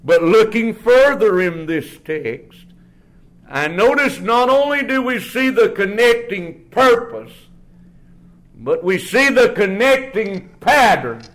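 A man preaching a sermon in a church in a folksy, drawn-out way, often dropping to a low murmur. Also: lively intonation, fairly bright tone.

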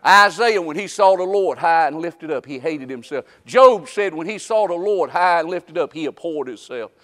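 High-voiced preacher in an echoing hall. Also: male voice, animated, normal speed. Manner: dramatic, swings from shouting to hushed, mocking asides. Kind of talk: sermon.

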